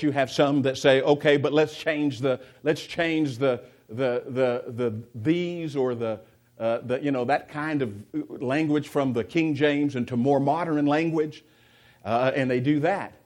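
A man's voice: on the high side, a little mellow. A man preaching a sermon in a conversational way, often putting questions to the congregation and restarting his sentences. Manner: many restarts and repeated words.

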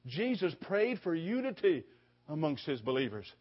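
A man with a husky, slightly high voice delivering a sermon. He presses each point with repetition and stammered restarts. The recording sounds dull and lo-fi. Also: sing-song, moderate pace. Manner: emphatic, repeating phrases with stammered restarts. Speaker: preacher.

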